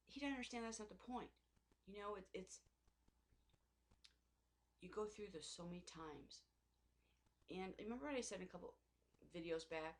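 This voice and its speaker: A woman's voice: medium pitch, moderate pace, pauses often. A middle-aged woman talking in a personal faith vlog, rambling and emotional, with many restarts and asides. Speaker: Christian vlogger.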